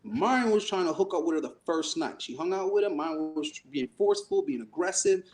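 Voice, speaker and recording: A man's voice: sits high, brisk. A man co-hosting a podcast, telling a story in casual chat, acting out the voices he quotes and swearing freely. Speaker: podcast co-host.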